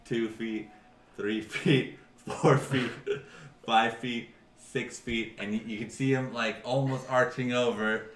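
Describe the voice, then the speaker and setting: A man running a tabletop game as dungeon master, narrating in a halting, rambling, amused way. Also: medium pitch, fairly even intonation. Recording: distant echoey room, noisy.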